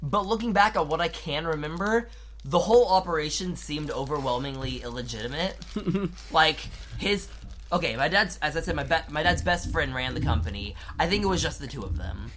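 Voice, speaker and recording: A man's voice: a little high, lively intonation, fairly quick, a bit bright, a little hiss or hum. A man in his twenties, co-hosting a casual podcast and telling rambling stories with restarts. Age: 20s. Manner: rambling storytelling with many restarts. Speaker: podcast co-host. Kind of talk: casual chat.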